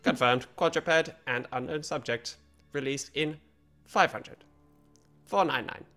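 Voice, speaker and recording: A man's voice: on the high side, unhurried, bright, forceful tone, voice pushed up. A man voicing a prim robotic lab machine that makes clipped, formal announcements over faint music.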